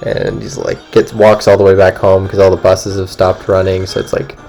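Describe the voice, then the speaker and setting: Gravelly guy rambling thru a story while he plays a game, faint game music behind. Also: deep voice, completely flat delivery, normal speed. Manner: rambling, filler-heavy, swears and chuckles. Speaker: gaming channel host. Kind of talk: casual storytelling over gameplay.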